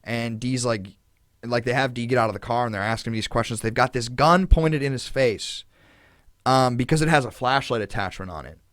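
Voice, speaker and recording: A man's voice: medium pitch, brisk, fairly bright tone, no echo, studio quality. A man hosting a podcast, telling a story in casual chat with a lot of fillers, indignant and swearing freely. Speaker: podcast host.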